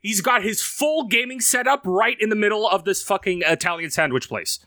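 Bright-voiced man telling a crude story. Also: sits high, normal speed, gravelly, no room sound. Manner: swears a lot, animated, laughs through the story. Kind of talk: casual profane storytelling.

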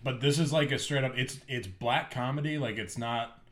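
A podcast co-host chats casually with a mid-range, fairly bright voice at normal speed, recorded in an echoey room. He rambles enthusiastically and packs his talk with fillers.

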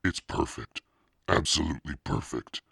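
A man reading an eager, pleading preteen girl in an audiobook, begging and gushing in a raised, excited voice. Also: extremely low pitch, moderate pace, gravelly, breathy edge, dry recording, clean studio sound, pitched above the performer's own voice, full character voice.

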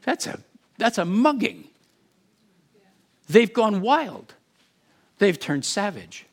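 A man's voice: sits high, sing-song, takes it slowly. A man preaching an expository Bible sermon, acting out the quoted lines and asking rhetorical questions.

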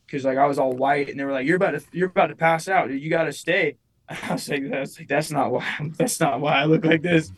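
A man's voice: mid-range voice, low-quality recording. A young man, a musician guest, telling a personal story in casual chat, rambling with lots of restarts and fillers.

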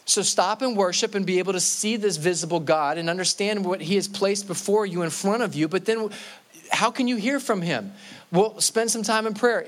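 With a high voice, a male pastor delivers an earnest sermon, frequently repeating and restarting words and slowing down to emphasize quoted scripture.

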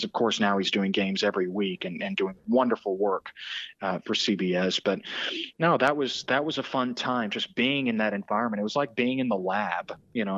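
A low-pitched man spins animated stories as a podcast guest, often restarting his sentences. The sound is dry and close with a slightly muffled, lo-fi tone. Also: no echo. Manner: animated anecdotes with frequent restarts and quoted voices. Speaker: sports broadcaster, podcast guest. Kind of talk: storytelling in a podcast interview.

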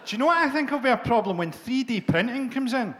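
A Scottish man performing a stand-up comedy set, profane and deadpan, jabbing at the crowd in a live venue. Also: very high voice, quick pace.

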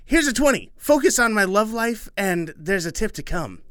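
Bouncy, pushy kid with a high, lively voice, as a male storyteller puts it on. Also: normal speed, clean tone, no echo, clean studio sound, exaggerated voice. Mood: eager. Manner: excited, pushy. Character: eager, bouncy young kid.

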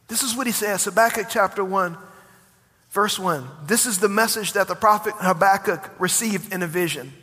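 Impassioned pastor preaching in an echoey hall. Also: male voice, high voice, normal speed. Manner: impassioned, rising to near-shouts on emphasis. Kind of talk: sermon.

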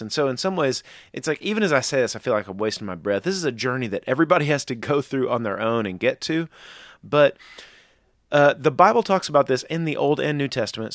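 Animated earnest man with a lively voice. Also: medium pitch, no room sound, studio quality. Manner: earnest, rambling with restarts, animated emphasis. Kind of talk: faith podcast discussion.

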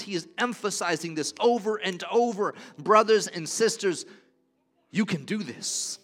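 Bright-toned emphatic male preacher. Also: unhurried, faint music behind. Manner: emphatic and repetitive, swinging between soft low passages and loud rising declarations. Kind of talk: sermon.

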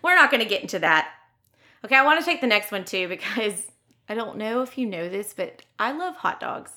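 A woman co-hosts a casual podcast chat, talking in an excitable way and laughing often. Her voice is bright and forceful, sitting at an ordinary pitch. She now and then trips over her words. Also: fairly quick. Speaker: podcast co-host.

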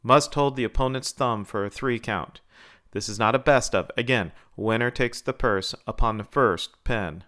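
A man voicing a male referee at an underground match, shouting out the rules and the count. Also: mid-range voice, normal speed, close to an everyday voice. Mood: officious. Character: loud male fight referee announcing a match.

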